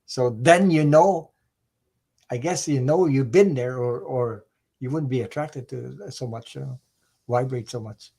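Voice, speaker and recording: A man in a casual group conversation, musing in halting, restarting speech. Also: mid-range voice, creaky, dark tone, husky. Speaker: participant.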